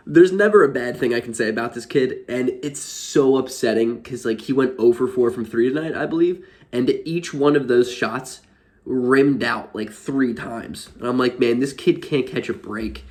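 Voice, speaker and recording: Young man, sports fan vlogger, exasperated rant, rambling with fillers, medium-pitched voice. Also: a little slow, a little mellow. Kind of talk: casual ranting commentary.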